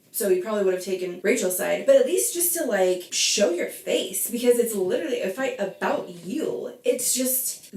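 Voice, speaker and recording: A woman ranting in casual commentary as a reality TV reaction vlogger, animated and swearing, a little tipsy from wine. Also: mid-range voice, gravelly. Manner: animated, swearing, quoting others in bits. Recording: echoey room.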